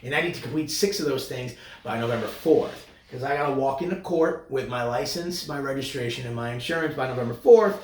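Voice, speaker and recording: A man co-hosting a podcast, swearing a lot and slipping into loud mocking impressions. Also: medium pitch, fairly quick, few pauses, echoey room, slight background noise. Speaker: podcast co-host. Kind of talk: crude casual banter.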